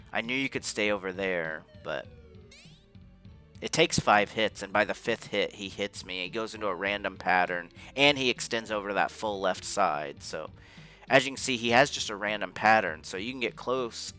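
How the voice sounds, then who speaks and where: This is casual post-game talk from a man whose voice runs low, pushed and bright. He rambles over his own gameplay clips, venting frustration and cursing frequently as faint game music plays.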